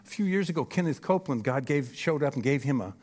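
A man preaching a sermon on a church stage, animated and emphatic, often checking in with the crowd. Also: mid-range voice, quick pace. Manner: animated and emphatic, with frequent rhetorical "Hello?" checks. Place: church stage before a live audience.

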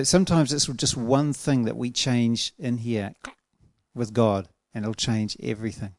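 A man preaching a sermon in an earnest, emphatic way, slowing down to stretch out key words. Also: fairly high pitch, dark tone, dry recording, studio quality.

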